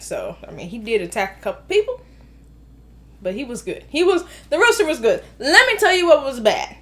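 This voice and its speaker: A woman's voice: high-pitched, fairly bright tone. A woman in her thirties giving an emphatic, exasperated casual film review, repeating herself for effect. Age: 30s. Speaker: movie reviewer.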